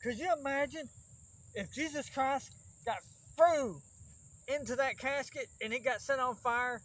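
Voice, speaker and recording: Host for a backyard wrestling vlog: a very high-pitched man with a Southern Alabama accent, rambling and worried, recorded outdoors among insects. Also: measured pace, a bit bright, poor audio. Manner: rambling and fretful, with restarts. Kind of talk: casual rambling vlog talk.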